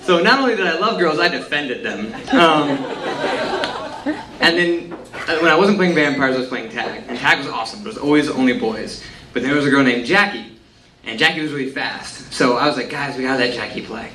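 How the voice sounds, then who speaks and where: A man's voice: medium pitch, animated, brisk, a crowd in the background. A man in his twenties from Texas telling a comic story to a live audience, with a wry, self-mocking delivery. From Texas, USA. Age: 20s. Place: stage at a live storytelling event. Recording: echoey room, distant mic, faint hiss.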